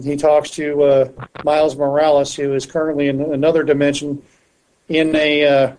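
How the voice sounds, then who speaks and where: A man's voice: mid-range voice, a little mellow, rough recording. A man co-hosting a casual comic book podcast, recapping a story in a rambling way with many fillers and restarts. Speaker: podcast co-host.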